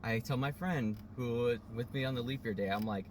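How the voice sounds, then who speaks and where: Man vlogger, mid-pitch, casual storyteller who swears a lot and keeps circling back, with a faint hum of a vehicle in the background. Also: a little fast, hardly any pauses. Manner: rambling, profane, many restarts and fillers. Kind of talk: rambling personal storytelling.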